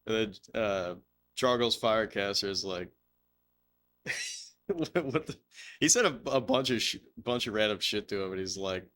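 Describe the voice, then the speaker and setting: During a casual live stream over gameplay, a man rambles, laughs, and swears his way through stories, sometimes putting on silly voices. He speaks at normal speed in a fairly low, fairly bright voice.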